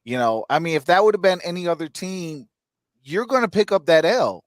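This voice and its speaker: Rambling sports host, slightly high voice. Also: male voice, expressive, fairly quick, no echo, clean studio sound. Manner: rambling, many fillers, laughs at own jokes. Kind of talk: casual sports podcast chat.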